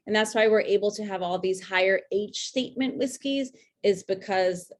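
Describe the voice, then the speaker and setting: A woman of middle pitch leads a virtual whiskey tasting over a video call. She talks in a relaxed, rambling way, stopping and restarting her sentences and filling the gaps with ums. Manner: chatty and loose, with many fillers and restarts. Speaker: brand ambassador hosting a whiskey tasting. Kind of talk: casual talk for a virtual tasting.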